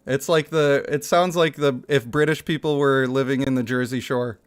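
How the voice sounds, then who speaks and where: A man's voice: mid-range voice, moderate pace, clear, resonant tone. A young man streaming a mobile game, chatting casually with his viewers, reading donations aloud and laughing often. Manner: animated, laughs often, reads chat aloud. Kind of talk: casual gaming livestream chat.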